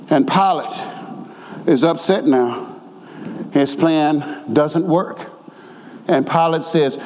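A man preaching a sermon, swelling into near-shouted, sing-song emphasis. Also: fairly high pitch, takes it slowly, pauses often, a little hiss or hum. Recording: long hall reverb.

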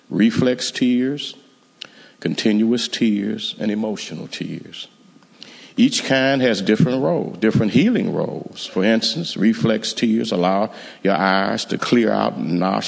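A low, gravelly male voice gives a sermon, reading aloud at a slow and deliberate pace with pauses between phrases. His words ring out with the long reverb of a church hall. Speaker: pastor.

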